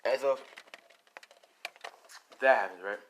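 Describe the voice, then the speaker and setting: A man's voice: medium pitch, takes it slowly, a little hiss or hum, poor audio. A man casually improvising a fan story, rambling with many fillers and asides. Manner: rambling, filler-heavy, animated.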